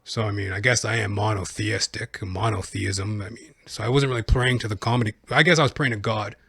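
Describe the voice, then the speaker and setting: A man's voice: fairly low pitch, steady tone, a little fast, gravelly, fairly bright tone. A young adult man, a comedian hosting his own podcast, telling a comic story and acting out scenes with sudden screams.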